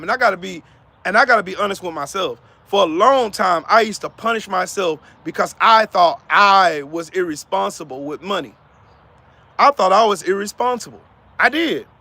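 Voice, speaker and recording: A man's voice: sits high, creaky, sharp tone. A man hosting a live stream, giving heated, profane commentary and talking to viewers in the chat by name. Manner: profane, fired-up, repetitive.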